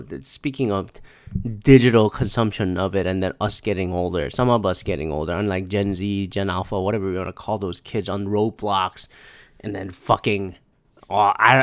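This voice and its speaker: A man in his mid-thirties, recorded dry and close, talking on his own podcast in a loose, rambling, foul-mouthed rant. His voice is smooth and resonant at a middle pitch, and he keeps drifting off on tangents. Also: no echo. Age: 30s. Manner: profane, rambling, animated. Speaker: podcast host. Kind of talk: casual solo podcast rant.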